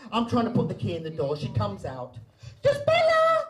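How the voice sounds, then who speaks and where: A man's voice: lively intonation, fast talker, a little mellow. A man doing brassy, bawdy, camp stand-up comedy as a drag performer in a live venue. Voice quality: brassy, bawdy and camp, with big swoops up into falsetto. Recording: distant live-venue mic.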